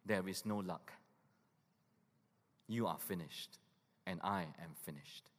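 A male pastor preaching a sermon with emphatic urgency, dropping to hushed lows for weight. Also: takes it slowly. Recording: long hall reverb.

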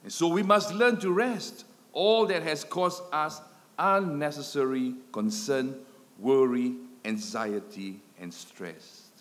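A man delivers a sermon at a slow, deliberate pace, building phrases with repetition and letting his voice swell, then fall away to near quiet. His voice rings out with a long hall reverb around it, as in a church. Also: a little high. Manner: dramatic swells and drops in loudness, emphatic repetition. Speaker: preacher.

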